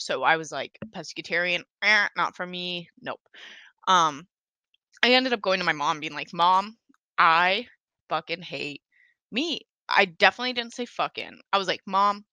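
A woman's voice: lowish voice, pushed and bright, no echo. A young woman hosting a casual solo podcast, rambling and swearing a lot. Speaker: podcast host.

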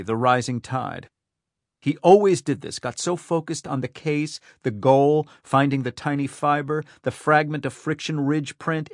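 Steady male audiobook narrator. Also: medium pitch, no room sound, clean studio sound. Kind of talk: scripted thriller narration.

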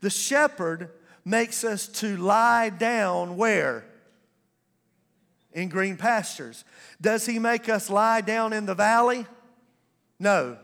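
A man's voice: high-pitched, takes it slowly, vocal fry, fairly bright tone, big-room sound. A male pastor preaching a sermon, calling for responses from the congregation and drawing out words for emphasis. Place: church sanctuary.

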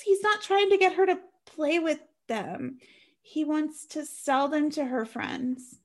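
A woman co-hosting a casual podcast, recapping a movie plot in a chatty, animated way with sarcastic asides. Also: high voice, takes it slowly. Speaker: podcast co-host recapping a film. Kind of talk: casual chat.

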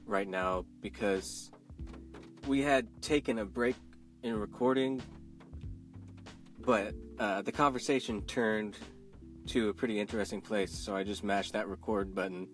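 A man hosting a podcast in casual chat, an easygoing, self-deprecating storyteller. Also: fairly low pitch. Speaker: podcast host.

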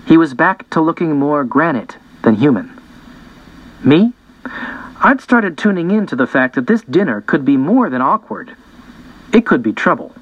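A man reading a story aloud in an expressive first-person narration. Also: on the high side, moderate pace, long pauses, slightly rough, no room sound, lo-fi sound. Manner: lively, expressive reading with voiced dialogue. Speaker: audiobook narrator.

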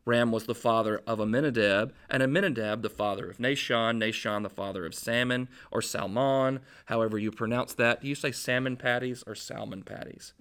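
Man, pastor, casual storytelling sermon, jokey, animated. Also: medium pitch, fairly quick, hardly any pauses.

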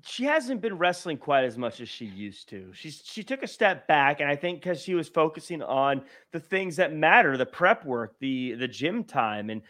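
Man with a high voice, co-hosting a podcast, animated and argumentative. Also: moderate pace, few pauses. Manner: animated, argumentative, acts out quotes. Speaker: podcast co-host. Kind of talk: casual wrestling chat.

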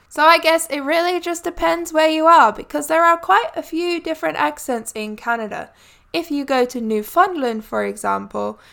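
A woman's voice: high-pitched, vocal fry, pushed and bright. A woman hosting a solo podcast, talking in a chatty, friendly way with light laughs. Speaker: podcast host.

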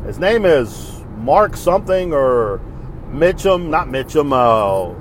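A man's voice: on the high side, very animated, takes it slowly, a little hiss or hum. A middle-aged man, hosting a podcast in a blunt, profane, fired-up rant. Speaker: podcast host. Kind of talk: casual ranting monologue.

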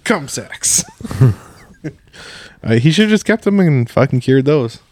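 A man's voice: mid-range voice, lively intonation, a little slow, a little mellow, no echo. A man chatting casually about fishing, laid-back and profane, laughing often.

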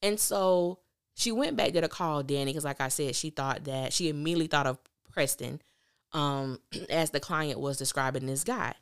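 A woman hosting a podcast, giving a casual and opinionated recap of a TV drama with lively, animated delivery. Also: clean tone. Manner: animated, opinionated, quick swings of pitch.

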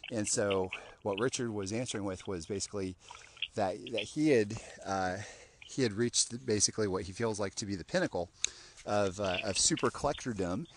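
A man hosting a casual podcast interview, rambling and filling pauses with ums and restarts. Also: on the low side, background noise. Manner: rambling, lots of fillers and restarts. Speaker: podcast host.

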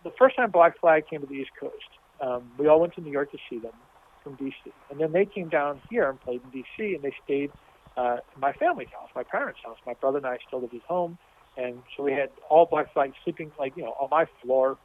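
A man reminiscing thoughtfully in an interview, relaxed and unhurried. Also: a little high. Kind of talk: reflective interview chat. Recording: tinny phone-like recording.

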